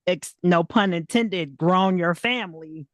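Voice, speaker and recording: A woman's voice: on the low side, a little slow, dry recording. A woman hosting a conversational interview, affirming and playful, often checking in with "right?". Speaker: podcast host.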